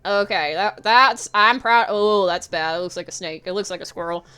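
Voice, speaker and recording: Bright, giggly woman streamer. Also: medium pitch, normal speed, smooth. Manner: rambling, giggly, swears freely. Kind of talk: casual livestream commentary while drawing.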